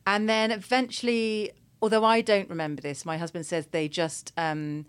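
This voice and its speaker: A woman's voice: mid-range voice, flat delivery, moderate pace, clean tone. Give me a candid, laughing English woman storyteller. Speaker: guest. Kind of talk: casual chat.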